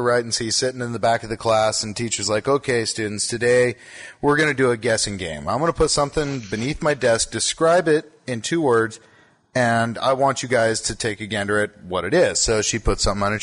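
A man co-hosting a podcast, casually swearing and telling old jokes in a relaxed, storytelling way. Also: mid-range voice. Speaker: podcast co-host.

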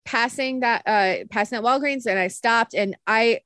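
A young woman telling a story on a podcast, animated and laughing often as she acts out what others said. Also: a little high, moderate pace, clear, resonant tone, dry recording. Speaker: podcast co-host. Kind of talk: casual storytelling chat.

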